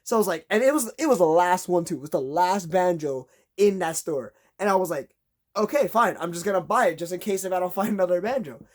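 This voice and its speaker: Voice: medium pitch, animated, fairly quick. A vlogger telling a long, exasperated story in a casual rant, acting out conversations in a raised voice.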